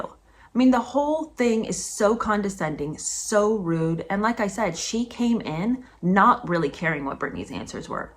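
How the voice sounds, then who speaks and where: A woman giving a casual commentary vlog as a book reviewer. She talks emphatically and indignantly, with sudden high-pitched outbursts. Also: very animated, normal speed.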